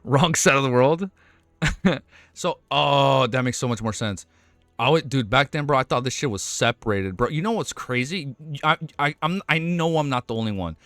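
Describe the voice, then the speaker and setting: A young American man reacting to a webnovel on stream, excitable and swearing often, laughing as he talks. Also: mid-range voice, moderate pace, dry recording. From United States. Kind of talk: casual reaction commentary.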